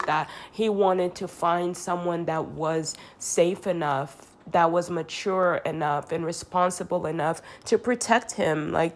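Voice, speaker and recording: A woman with a low voice speaks straight to camera in an earnest, rambling monologue, with slight background noise. She sounds congested from sinus trouble and keeps restarting her sentences.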